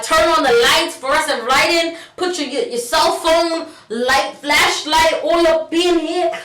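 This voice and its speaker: Speaking high and fast into a distant mic, well, at a high pitch anyway, this young New Yorker tells an animated vlog story full of slang, performing each line of dialogue. The roomy recording carries a little hiss or hum.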